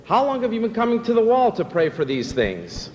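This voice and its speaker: A man acting out an eager journalist whose probing questions rise in pitch. He sounds curious and persistent. The voice carries a long hall echo over faint room noise. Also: huge pitch swings, brisk, a little mellow, lo-fi sound.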